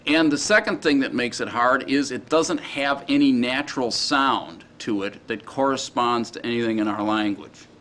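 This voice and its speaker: A man teaching a class in a casual, halting way, often checking in with his students. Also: medium pitch, a bit bright. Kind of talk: classroom lecture.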